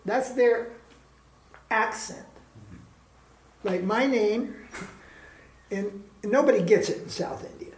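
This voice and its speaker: A man's voice: sits high, slow pace, long pauses. Joking man teaching a spiritual class. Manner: joking and lively, laughs often, imitates chants and accents. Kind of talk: informal spiritual lecture. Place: ashram class room. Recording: echoey room with faint background ambience.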